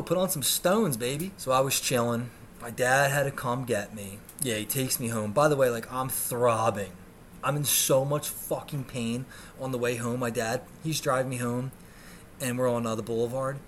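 A man on a podcast talks at normal speed with a medium-pitched voice, and there's a little hiss or hum on the audio. He's animated and profane, telling a comic story and shrieking during the scenes he acts out.

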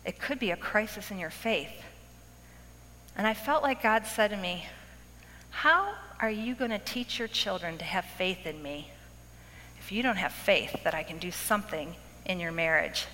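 A woman giving a testimony talk to a women's audience, dramatic and laughing often, acting out her past self in sudden high outbursts. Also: expressive, moderate pace, sharp tone. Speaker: speaker addressing a women's audience. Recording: echoey hall with faint noise.

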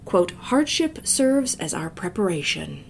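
A woman's voice: fairly low pitch, very animated, a little slow, gravelly, noisy background. A woman co-hosting a casual podcast, summing up a book with dry sarcasm and reading quotes aloud. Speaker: podcast co-host.

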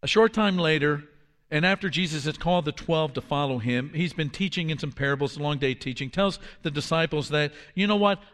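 A man in his fifties preaching a sermon, telling stories in an animated way that drops to a hush for quoted lines. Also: on the high side, brisk, big-room sound. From Washington, D.C. area. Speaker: pastor.

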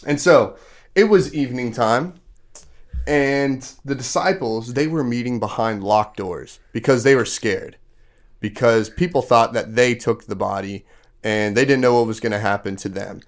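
A man's voice: mid-range voice, unhurried. Man casually telling children a story. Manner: casual, asks the kids questions; loose storytelling with many fillers. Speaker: podcast host. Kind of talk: retelling a Bible story to children.

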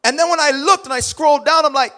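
High-voiced preacher man, animated storytelling. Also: quick pace. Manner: animated, dramatic storytelling that swings between quiet asides and loud bursts. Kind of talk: sermon storytelling.

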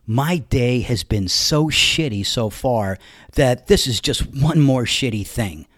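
A man's voice: medium pitch, lively intonation, slow pace, fairly bright tone, no room sound, clean studio sound. A man voicing a dazed, gloomy male golfer who shrugs off his bad luck in a weary, complaining way. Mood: resigned.

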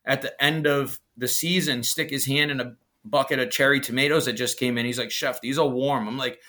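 Bright-voiced chef with a Massachusetts accent. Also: male voice, mid-range voice, a little fast. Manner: animated, enthusiastic storytelling. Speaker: executive chef, guest. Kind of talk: casual interview chat.

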